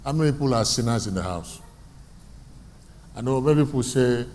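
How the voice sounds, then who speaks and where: A man's voice: medium pitch, lively intonation, a little fast, pauses often, a little mellow, slight background noise. A man preaching a sermon in a church hall. He asks the congregation questions and repeats his key phrases. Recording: long reverb from a hall, faint ambience.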